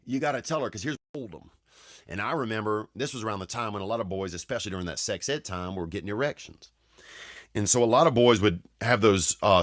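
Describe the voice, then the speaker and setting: Southern guy rambling thru a funny story, lowish voice, keeps restarting, dry close sound. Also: dry recording. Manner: rambling, restarts sentences, slangy asides. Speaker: podcast host. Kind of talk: comedic storytelling.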